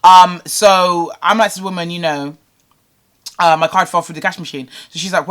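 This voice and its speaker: A young woman from England, telling a storytime rant as a vlogger, animated and exasperated, with many fillers. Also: on the low side, brisk.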